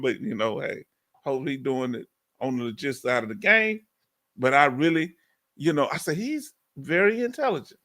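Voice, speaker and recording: Southern texan guy hosting a live chat, loud and folksy, kinda high voice, bright tone. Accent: Southern US, Texas. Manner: loud and folksy, reads out viewer comments. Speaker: livestream host. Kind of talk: casual live chat with viewers.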